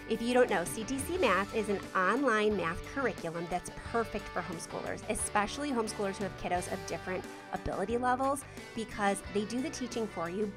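A woman podcast host doing an enthusiastic sponsor read. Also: medium pitch. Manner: upbeat, enthusiastic endorsement. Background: clear music.

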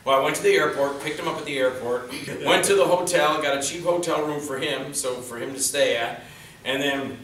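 Bright-voiced man telling stories in a roomy hall. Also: on the high side, fairly quick. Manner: rambling anecdotes, acts out quoted lines in put-on voices. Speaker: indie filmmaker on a convention panel. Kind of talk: casual storytelling on a panel. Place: convention panel room. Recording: roomy hall mic, heard from a distance, faint noise.

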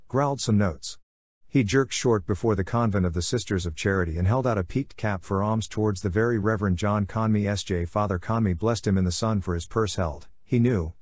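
A man narrating a literary novel as an audiobook reader, in a measured, even delivery. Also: fairly low pitch, no echo, clean studio sound.

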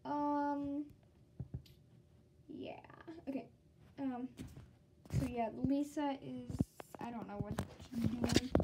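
High-voiced rambling girl over loud hiss. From Southern United States. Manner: rambling, giggly, lots of "um" and "like". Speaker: toy collector vlogger. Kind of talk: casual show-and-tell tour.

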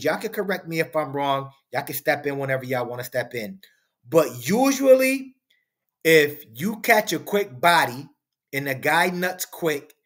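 Man, reaction commentary host, preachy, rhetorical questions, slightly high voice. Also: a bit bright.

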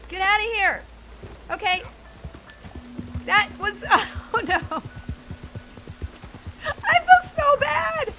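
Excitable woman streamer doing live gameplay talk, very lively high bright voice. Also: slight background noise. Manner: excitable, exclamatory, laughing asides. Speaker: game streamer.

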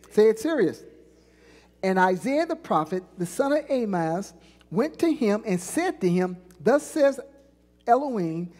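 A woman pastor preaching a sermon, leading call-and-response and stretching out key lines for emphasis. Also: medium pitch. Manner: call-and-response preaching, prompting the congregation to repeat phrases. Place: church sanctuary. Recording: long church reverb.

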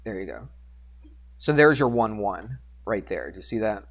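A man teaching algebra to a class, animated and teasing, coaxing students with questions. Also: lowish voice, moderate pace. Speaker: high school math teacher. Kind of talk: classroom lecture.

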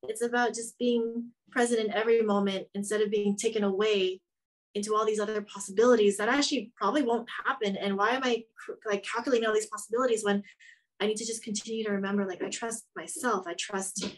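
A woman's voice: medium pitch, steady tone, fast talker, poor audio. Reflective woman guest, many fillers. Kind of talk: casual conversation.

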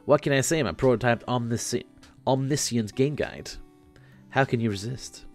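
A man voicing a laid-back, rambling floating teenage boy who acts as a self-aware game guide, a bit higher and louder than his own voice. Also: moderate pace, faint music behind, close to an everyday voice.

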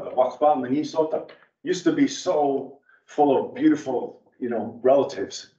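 A man's voice: mid-range voice, moderate pace. A man giving a rambling, digressive talk as a guest speaker at an adult education class. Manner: rambling, digressive, animated storyteller. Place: church meeting room. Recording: roomy, distant, dull church hall recording.

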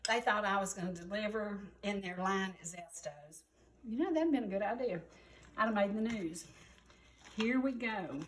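Speaking at medium pitch and a moderate pace, this woman sounds roomy in her indoor kitchen. She's in her sixties with a Southern US accent, hosting a cooking segment as a talk show host, folksy and homey and fond of "y'all."

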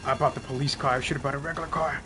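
A man giving excitable live gameplay commentary, yelping, laughing and calling out to a teammate. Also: mid-range voice, rapid-fire. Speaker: gamer streaming gameplay. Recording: loud game sirens and traffic behind. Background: game sirens and vehicle noise.

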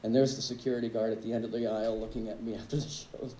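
A man's voice: lowish voice, flat delivery, racing, dark tone, a little hiss or hum. Wry male drummer telling stories in an echoey club. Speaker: drummer telling a tribute story. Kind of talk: anecdotal storytelling speech. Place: live music club stage. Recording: echoey club with faint ambience.

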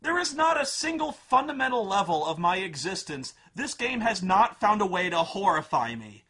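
A man's voice: high-pitched, sing-song, moderate pace, pushed and bright, slightly rough. A man reviewing a video game in a sarcastic, profane, exasperated comic rant.

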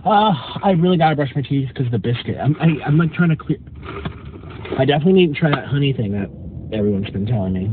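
A man's voice: mid-range voice, lively intonation, quick pace, narrow, tinny audio, noisy background. A man chatting in a campy, mock-haughty way while vlogging from his parked car, recorded on a phone. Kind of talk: casual car vlog. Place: parked car in a drive-thru line. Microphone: phone camera.

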